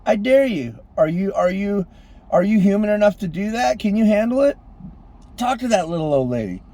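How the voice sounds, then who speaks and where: A man giving an impassioned motivational monologue, swinging between loud exhortation and hushed intensity, calling on the listeners as ladies and gentlemen. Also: high-pitched, animated, normal speed. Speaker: street preacher-style motivational speaker.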